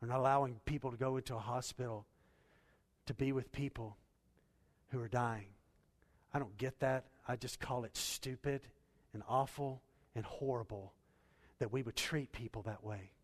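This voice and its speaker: A man preaching a sermon as pastor, swinging from loud emphatic bursts to hushed endings. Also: mid-range voice, steady tone, normal speed, long pauses, long reverb tail.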